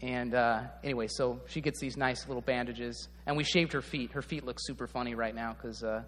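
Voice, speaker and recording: A man preaching a sermon as a pastor, speaking in a relaxed, conversational way and often checking in with the audience. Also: medium pitch, a little fast, big-room sound.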